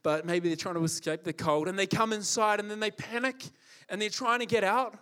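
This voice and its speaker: Male preacher, high voice, impassioned, emphatic, repeats for effect. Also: fairly even intonation, a little fast, pushed and bright, clean tone. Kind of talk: sermon.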